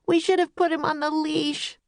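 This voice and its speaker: A woman's voice: animated, unhurried, no echo, clean studio sound. Bubbly little girl, as a woman reads her. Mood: alarmed. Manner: eager, high and bright. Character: bubbly energetic young girl.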